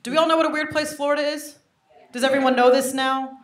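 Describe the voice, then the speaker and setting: On a comedy stage in front of a live crowd, a young woman delivers a stand-up set in a high voice with fairly even intonation. Her American accent was acquired during a mixed British upbringing, and her style is brash, self-deprecating and full of quick crowd asides. The recording has a roomy live-venue sound with faint noise.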